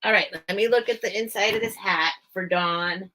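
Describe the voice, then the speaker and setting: A woman's voice: mid-range voice, normal speed, bright, forceful tone. A woman hosting a casual live vintage sale from home, chatting and thinking aloud straight to her viewers. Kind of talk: casual live-stream selling chat.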